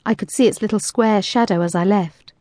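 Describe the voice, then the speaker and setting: A woman's voice: mid-range voice, brisk, no room sound. Intimate woman narrating an erotic story. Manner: intimate, expressive. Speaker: audiobook narrator. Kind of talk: scripted first-person narration.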